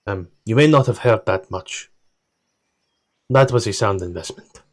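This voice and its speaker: A man's voice: lowish voice, unhurried, long pauses. A man with a Scottish accent running a tabletop game, rambling casually as he looks things up. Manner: relaxed, rambling, flipping through notes aloud. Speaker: game master.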